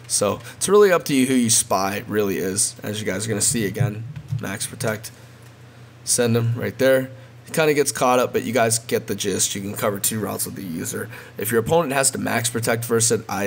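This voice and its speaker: Casual man with a lowish voice, gameplay tutorial, faint hiss behind. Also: creaky. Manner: repetitive, addresses viewers as guys. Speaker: gaming video creator.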